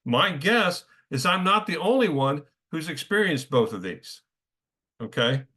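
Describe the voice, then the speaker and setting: Middle-aged guy preaching, chatty, voice a bit high and crisp. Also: very animated, measured pace, bright, forceful tone. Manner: conversational, keeps checking in with "okay?". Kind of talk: sermon.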